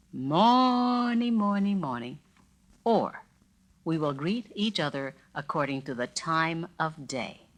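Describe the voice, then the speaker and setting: A woman narrating a spoken language lesson, demonstrating greetings with deliberately exaggerated inflection. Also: low-pitched, fairly bright tone. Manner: slow, carefully inflected, demonstrates phrases with exaggerated intonation. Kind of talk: scripted spoken-word lesson.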